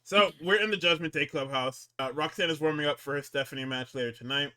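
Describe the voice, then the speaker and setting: Guy ranting thru a show recap, lots of cussing and restarts, kinda high sharp voice. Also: fast talker, clear, resonant tone. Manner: rambling, swears constantly, stumbles and restarts. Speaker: podcast co-host recapping wrestling. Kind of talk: casual profane recap chat.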